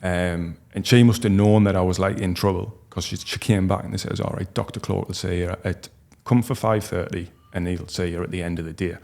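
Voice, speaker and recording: A man, telling a personal story as a podcast guest in a halting, heartfelt way with many restarts. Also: low voice, fairly even intonation, vocal fry, darkish tone. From North East England. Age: 40s.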